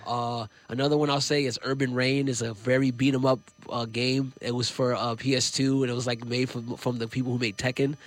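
A man's voice: medium pitch, a little fast, hardly any pauses. A young man from New York, a guest musician, chatting casually and acting out voices as he tells stories. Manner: animated, acts out voices in his stories. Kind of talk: casual interview chat.

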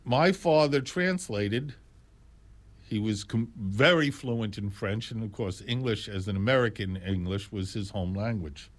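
A man in his sixties or older telling stories in a casual, animated, digressive way, full of exclamations and asides. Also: fairly low pitch, unhurried. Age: 60s or older. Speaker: jazz storyteller. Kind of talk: casual storytelling monologue.

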